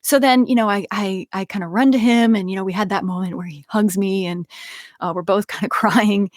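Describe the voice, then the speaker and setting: A young woman telling a personal story in casual conversation, animated, with frequent laughs and many restarts. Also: mid-range voice, a little fast, no room sound, clean studio sound. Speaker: podcast guest.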